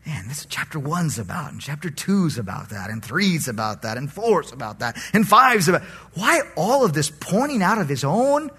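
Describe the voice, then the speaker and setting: A male pastor delivers a sermon in a conversational, animated way. His voice is high and raspy and swings widely in pitch as he preaches. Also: normal speed, hardly any pauses.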